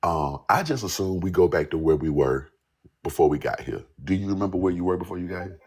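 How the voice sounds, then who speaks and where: Man, extremely low voice, husky, loose rambling storyteller, casual chat. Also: lively intonation, fast, darkish tone. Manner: loose, rambling, repeats "you know what I'm saying". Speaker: guest songwriter.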